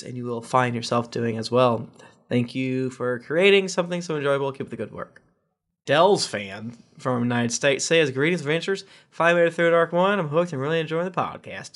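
A man's voice: medium pitch, a bit bright. A man hosting a casual podcast, reading listener reviews aloud and breaking off into jokey asides and chuckles. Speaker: podcast host.

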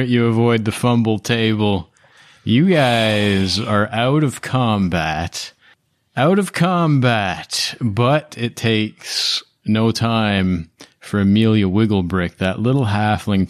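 A man's voice: on the low side, takes it slowly, no echo, studio quality. A man narrating a tabletop game as game master in a casual, rambling way with laughing asides.

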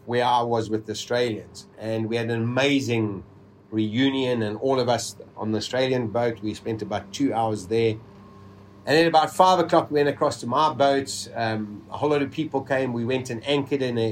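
A man's voice: mid-range voice, slight background noise. Man telling a dramatic survival story. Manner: vivid, animated telling, acts out his own inner voice; dark humor, chuckles while telling.

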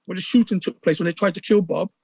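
A middle-aged man with a Bristol accent, telling stories in a casual interview with lively acted-out quotes and many restarts. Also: high voice, fast talker, slightly rough, dry recording. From England. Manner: animated storyteller, acts out quotes, many restarts. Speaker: radio DJ guest.

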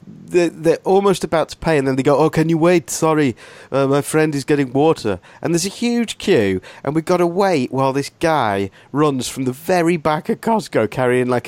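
A man's voice: mid-range voice, a little mellow, no echo. A Welsh man on a podcast, telling a wry, self-mocking anecdote in casual chat. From Wales. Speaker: podcast co-host.

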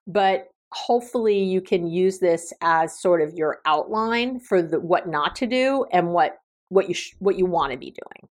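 A woman's voice: mid-range voice, animated, unhurried. Effusive woman podcast host. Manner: warm, effusive, affectionate toward listeners. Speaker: podcast host, relationship therapist. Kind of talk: casual solo podcast talk.

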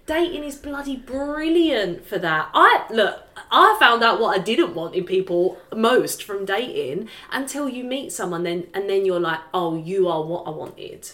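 A woman, co-hosting a casual chat podcast, animated and quick to swear and laugh. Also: on the high side. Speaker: podcast co-host.

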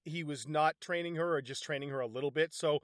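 A man's voice: on the high side, fast, no room sound. Man with a dry, close sound. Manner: animated, profane, acts out scenes with laughter. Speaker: podcast co-host reviewing a movie. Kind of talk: casual chat.

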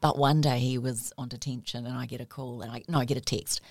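Middle-aged New woman, low and gravelly, recorded close and dry. She tells stories in a casual conversation with lively energy, laughing often. Her speech is animated as she acts out quotes. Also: fast talker, no room sound. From New Zealand. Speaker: guest, mother.

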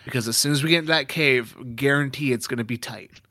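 A man running a tabletop game in a bright, forceful voice, lively and quick to laugh. He is close to the mic in a dry space. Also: mid-range voice, dry recording. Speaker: dungeon master.

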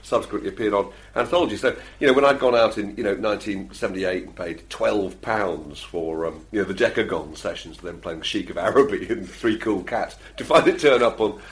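A man's voice: fairly low pitch, a little fast, hardly any pauses. A middle-aged man, chatting casually as a podcast co-host, self-deprecating and full of fillers and restarts. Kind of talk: casual chat.

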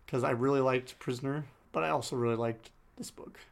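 A man's voice: mid-range voice, fairly even intonation, a little fast, gravelly. A man co-hosting a podcast, casually retelling a book with lots of fillers. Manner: loose retelling, many fillers. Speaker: podcast co-host.

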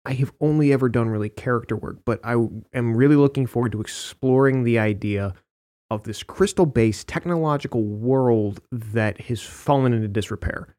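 A man's voice: mid-range voice, normal speed, dark tone. A man in a casual creative discussion, speaking in a playful, enthusiastic way and joking around. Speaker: character artist in a discussion.

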